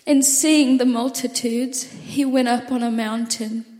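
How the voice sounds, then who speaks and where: High, slow Alabama woman reading scripture. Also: fairly even intonation, dark tone. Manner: reads haltingly, slips and self-corrects. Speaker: congregation member reading scripture. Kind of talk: reading aloud. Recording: distant voice in an echoey hall.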